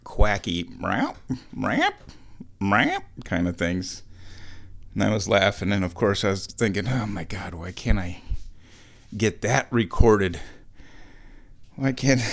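A man's voice: lowish voice, gravelly. A man hosting a casual solo show at home, chatty and playful, wandering the house and talking to his cat. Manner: playful, chatty, talks to his cat in a sing-song baby voice. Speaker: podcast host. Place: at home, walking around the house.

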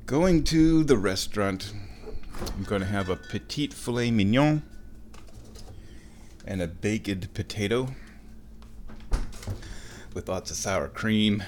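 His sinuses blocked, a podcast host rambles playfully and digressively as he moves around his home. His lowish voice is animated but slow, with frequent pauses, and the recording has a slight hiss or hum.

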